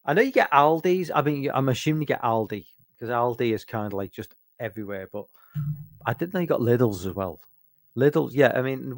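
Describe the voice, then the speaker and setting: In a medium-pitched voice, a weary middle-aged British streamer answers questions late at night, swearing casually, rambling and restarting a lot as he struggles to stay awake. The recording is dry and studio quality.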